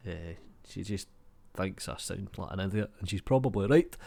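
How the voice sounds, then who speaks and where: A man's voice: deep voice, big pitch swings, normal speed, gravelly, warm tone. Laid-back man with a cold. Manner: laid-back, swears freely, says mate a lot. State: has a cold. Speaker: YouTube creator. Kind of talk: casual chat reading viewer comments.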